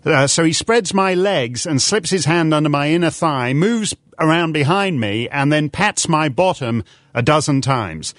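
A man's voice: fairly high pitch, lively intonation, unhurried, fairly bright tone, no echo. A man speaking in a combative, sardonic and mocking way, pressing his point insistently. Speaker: commentator and speaker. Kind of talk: combative debate and stand-up style speech.

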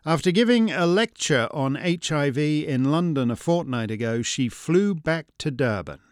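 A man delivers scripted commentary in a measured, dryly witty manner. His pitch moves a lot from phrase to phrase, and the sound is dry and close. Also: expressive, no room sound. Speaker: commentary host.

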